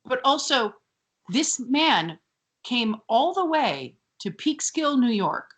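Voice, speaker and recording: A woman co-hosting a casual TV recap podcast, animated and sweary, often mimicking characters. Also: sits high, slow. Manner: animated, sweary, mocking voices. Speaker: podcast co-host.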